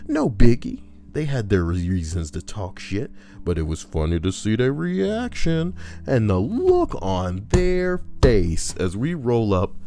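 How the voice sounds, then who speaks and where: A man's voice: low voice, dark tone. A man reading online stories aloud and cutting in with crude, joking asides. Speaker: YouTuber reading Reddit posts. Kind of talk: comedic reading with commentary. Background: faint background music.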